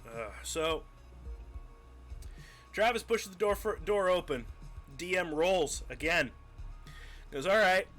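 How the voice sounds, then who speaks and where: A young man streaming live, casually telling a tabletop game story, animated and profane, acting out scenes as he goes. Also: sits high, slow, pauses often. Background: faint music.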